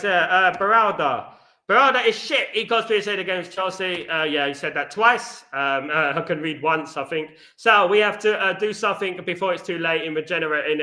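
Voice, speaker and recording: High, bright-voiced ranting football host. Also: male voice. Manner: passionate, ranting, repeats "you know what I mean". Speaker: podcast host reading live chat. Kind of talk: casual live-stream chat.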